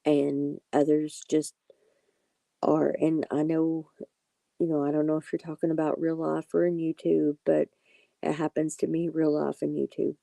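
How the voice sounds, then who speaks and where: A woman's voice: deep voice, level tone, unhurried, creaky, warm tone, dry recording. A woman hosting a late-night tarot live stream, chatting casually and reassuring her viewers by name.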